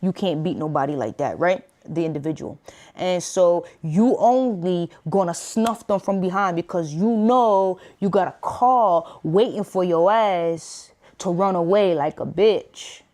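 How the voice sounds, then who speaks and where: A woman streamer with a New York accent gives loose, slangy reaction commentary. Her voice sits on the low side for a woman. She keeps chuckling between points and pops up into sudden high-pitched asides. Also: a little slow, darkish tone.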